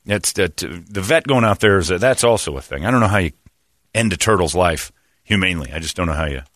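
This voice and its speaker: A man's voice: quick pace, no echo, studio quality. A middle-aged man hosting a talk radio show, ranting with profanity and laughing at his own lines. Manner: animated, profane rants with swings in pitch and laughter. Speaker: radio host. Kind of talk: casual talk radio banter.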